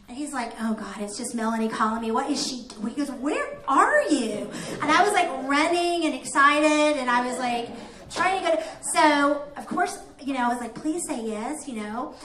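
Woman presenting to teachers, high voice, lively and chatty, in an echoey room with faint noise. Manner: chatty, animated storyteller with playful asides. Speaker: grant coordinator presenting to teachers.

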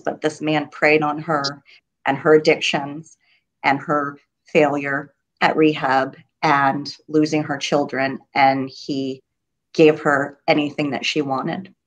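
Grieving mother, middle-aged, low voice, halting and emotional; interview guest on a video call. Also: level tone. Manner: halting, many ums, voice breaking with grief. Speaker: guest, mother of a murder victim.

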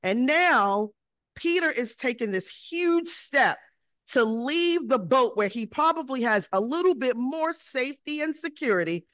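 A woman pastor giving a sermon in a relaxed, conversational way, often acting out quoted voices. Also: high-pitched, unhurried, dry recording, clean studio sound. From United States. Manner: conversational preaching with acted-out quotes of disciples.

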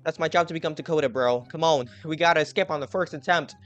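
A man giving live gameplay commentary, excitably yelling at his teammates and swinging from muttering to shouting. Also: fairly high pitch, quick pace, muffled recording, soft background music. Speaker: gaming channel host.

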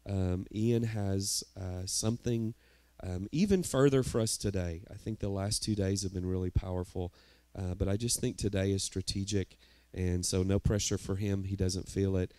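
A man's voice: sits low, fairly even intonation, moderate pace, mellow, dry recording. A man, the church's pastor, introducing a guest speaker in a rambling way with many fillers. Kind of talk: church announcement. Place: church sanctuary.

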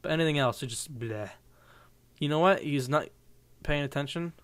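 A man's voice: on the high side, normal speed, fairly bright tone, no echo. Goofy young man narrating his gameplay. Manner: goofy, rambling, joking with viewers. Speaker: gaming channel host. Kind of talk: playing a game with live commentary.

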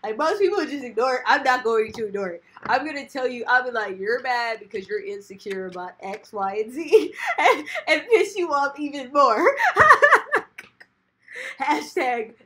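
A woman's voice: high-pitched, lively intonation, normal speed, a bit bright. A woman hosting a reaction video, commenting casually in slang and laughing often.

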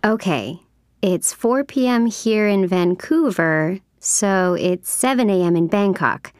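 A woman speaking clearly in a scripted everyday dialogue for an English course. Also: mid-range voice, lively intonation, slow, a little mellow, no room sound, studio quality.

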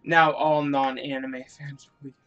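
A man's voice: medium pitch, level tone, a little slow, a bit bright, smooth, dull audio. A man giving casual, joking commentary over a video game, mocking himself and swearing freely. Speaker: gaming video creator.

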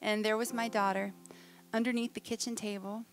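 A woman's voice: mid-range voice, a little fast, soft background music. A woman speaker telling a humorous story to a live audience, acting out voices as she goes. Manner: animated, humorous, acts out voices. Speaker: conference speaker.

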